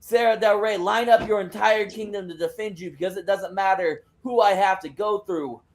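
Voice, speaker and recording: Cocky female wrestler promo, loud and crowd-baiting, sprinkled with Spanish shouts; male performer. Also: high voice, moderate pace, slight background noise. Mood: defiant.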